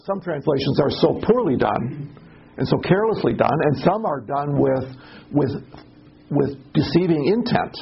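A man leading a Bible study class in a casual teaching style, halting and repeating words and posing questions to the group. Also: medium pitch, vocal fry, highs cut off.

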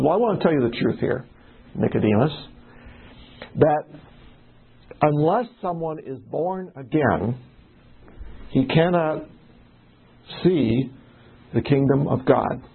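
A man's voice: mid-range voice, slightly rough. A man leading a casual Bible study, talking in a conversational way and putting questions to the group. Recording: tinny phone-like recording.

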